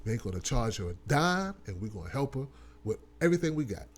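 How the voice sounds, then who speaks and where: With a medium-pitched, sing-song voice carrying a little hiss or hum, this man talks fast. He's the host of a live online talk show who shouts out chat, rallying his audience in an earnest, repetitive, informal way.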